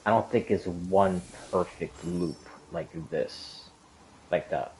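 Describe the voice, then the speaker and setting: A man's voice: deep voice, slow, a little mellow, slight background noise, rough recording. A man casually talking through a theory in a rambling, hesitant way, with lots of filler words and restarts. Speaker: gaming lore commentator. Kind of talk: casual explanatory monologue.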